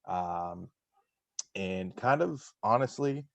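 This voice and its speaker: A man's voice: low voice, lively intonation, slow, creaky, dry recording, muffled recording. A man hosting a casual recap chat, rambling with many fillers and restarts. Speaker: podcast host.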